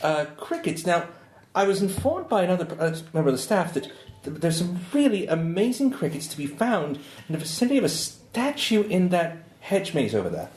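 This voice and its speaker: A man's voice: sits high, very animated, fairly quick, a little mellow, reverberant, poor audio. Stammering man playing a servant. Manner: hesitant, stammering. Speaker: player.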